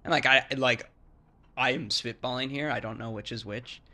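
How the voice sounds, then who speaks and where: In a bright, forceful, mid-range voice with a steady tone and moderate pace, a man casually explains Thai sounds as an English-speaking foreigner. He rambles, restarts, fills his talk with "like," and demonstrates the sounds aloud.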